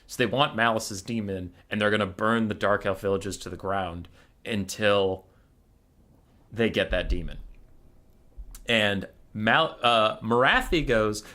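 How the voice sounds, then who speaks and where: A man streaming and casually retelling a story to his chat, animated, exasperated and swearing freely. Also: on the low side, measured pace.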